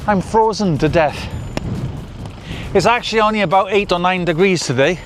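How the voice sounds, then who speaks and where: A chatty, excitable man talks to his camera on a windy coastal hill, his voice sitting a little high for a man. Clear wind noise runs under his voice from a clip-on mic outdoors. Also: moderate pace. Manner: chatty and excitable, exclaiming at the weather. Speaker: overland travel vlogger. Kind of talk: casual travel vlog talk to camera. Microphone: clip-on microphone.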